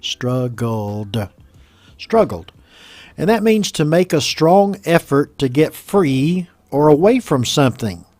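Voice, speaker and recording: A man with an American accent teaching English pronunciation, reading a news story aloud and explaining words slowly and patiently. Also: on the high side, lively intonation, a little mellow, dry recording, faint music behind. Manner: slow, patient, repeats words for learners.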